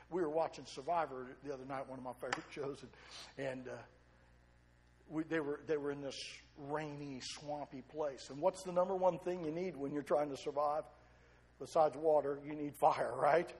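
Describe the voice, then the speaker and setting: A man with a voice on the high side preaches a sermon, retelling a story with lively repetition and questions to the congregation.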